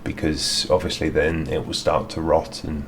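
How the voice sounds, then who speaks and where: A man's voice: extremely low pitch, level tone, normal speed, slight background noise. A man outdoors in a garden, talking through a DIY product review in a rambling, hesitant way with many fillers.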